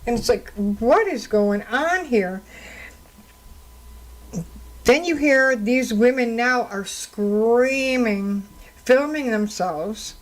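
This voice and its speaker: Fairly high-voiced woman radio host. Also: very slow, long pauses, poor audio. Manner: indignant, conversational storytelling. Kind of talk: solo radio talk commentary. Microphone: studio microphone.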